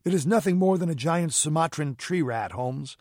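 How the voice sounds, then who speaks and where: A desperate, scheming old soldier villain, read by a man, loud with a blustering, pleading edge. His voice is pitched above the reader's own. The recording is close and dry. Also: lively intonation, moderate pace, no echo. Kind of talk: audiobook character reading.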